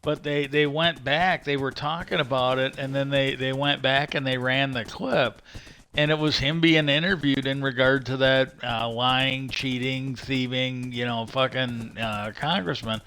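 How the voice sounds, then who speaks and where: A man hosting a livestream, talking in a casual, halting way, often restarting his sentences and swearing offhand. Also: mid-range voice, fairly even intonation, pushed and bright, clear, resonant tone. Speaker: livestream host. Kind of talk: casual rambling commentary.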